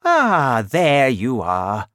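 A storybook reader voicing a kindly, calm old male bishop who speaks gently and slowly. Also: medium pitch, no echo, clean studio sound, exaggerated voice. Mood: gentle.

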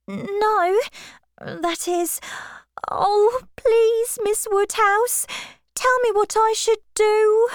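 Lady doing a nervous young girl in an audiobook, squeaky high and pleading, dry close sound. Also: fairly even intonation, extremely slow, no echo, heavily acted. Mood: anxious. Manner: pleading, breathless and high-pitched. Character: anxious timid young woman, eager to please.

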